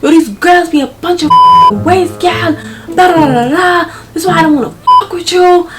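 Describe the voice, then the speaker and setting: A woman's voice: very high-pitched, normal speed, over loud music, voice pushed up. Woman doing a menacing young Caribbean-American man, cursing in a rage. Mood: furious.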